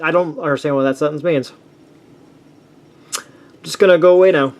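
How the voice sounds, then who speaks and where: A man's voice: a little high, fairly quick, darkish tone, a little hiss or hum. A man chatting casually through a toy review, enthusiastic and rambling, with many restarts and fillers.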